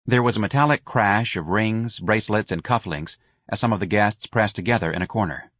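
A man narrating an audiobook in a wry, measured storytelling manner, recorded on a close studio mic. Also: on the low side, a bit bright, no echo.

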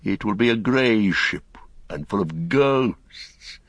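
A man's voice: deep voice, a bit bright, husky, dry recording, full character voice. Saruman, a man doing a sneering old wizard. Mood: scornful. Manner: slow, sneering, mocking. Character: bitter fallen old male wizard, scornful.

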